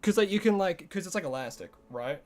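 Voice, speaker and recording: Here a man with a high-pitched, somewhat dark voice talks fairly quickly with lively intonation. Streaming a game while still recovering from a headache, he greets chat members by name, wanders into loose asides, and goes on about his setup.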